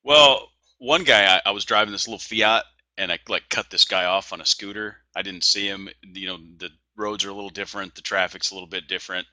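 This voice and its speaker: Male co-host, low voice, bright and sharp tone, dry close sound, easygoing storyteller. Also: fairly even intonation, fairly quick, hardly any pauses, dry recording. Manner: easygoing storyteller, laughs often. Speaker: podcast co-host. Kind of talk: casual chat.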